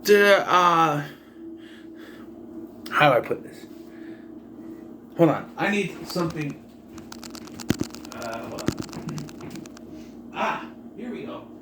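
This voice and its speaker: A man's voice: fairly high pitch, animated, takes it slowly, pauses often, background noise. A young man casually reviewing a movie in a rambling, sarcastic way, often restarting his sentences.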